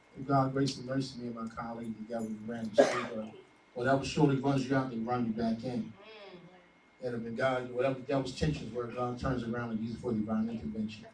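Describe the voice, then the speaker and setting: A man's voice: mid-range voice, level tone, fast. A man, a deacon giving a fervent testimony with a preaching cadence. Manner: fervent, builds to loud proclaiming. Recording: echoey hall, distant mic, faint room noise.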